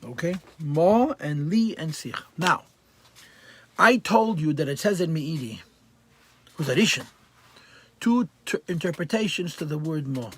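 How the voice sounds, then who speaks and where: Emphatic rabbi teaching a Torah class. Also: male voice, on the high side, slightly rough. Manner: translates verse by verse, mixing Hebrew and Yiddish terms into English; emphatic, stresses key words loudly.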